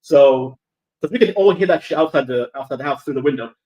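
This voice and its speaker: A young man from Somalia telling a spooky story to a group of friends in a casual, animated way, full of swearing, repeats and restarts. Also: medium pitch, quick pace, poor audio.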